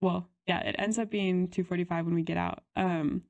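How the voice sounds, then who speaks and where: Gravelly-voiced young woman telling a story. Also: fairly low pitch, fairly even intonation, normal speed, darkish tone, highs cut off. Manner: chatty, lots of "like" and giggles. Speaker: podcast co-host. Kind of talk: casual storytelling chat.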